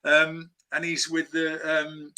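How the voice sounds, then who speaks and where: A man's voice: fairly high pitch, completely flat delivery, slow pace, pushed and bright. A man chatting as a screenwriter guest in a casual interview, telling rambling anecdotes full of restarts.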